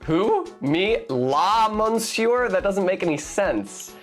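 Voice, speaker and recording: A woman voicing a young male defense lawyer from a video game, with a flat, dry delivery close to her own voice. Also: sits low, a little slow, faint music behind.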